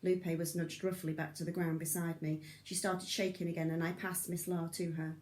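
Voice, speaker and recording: A woman narrating a novel in an audiobook reading, steady and measured. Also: fairly low pitch, echoey room, a little hiss or hum. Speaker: audiobook reader.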